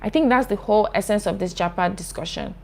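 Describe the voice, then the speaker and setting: A woman's voice: mid-range voice, quick pace, gravelly, a little mellow, slight background noise. A young woman from Nigeria, hosting her channel, reading out viewer comments and answering them in an earnest, impassioned, chatty way. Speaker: YouTuber host.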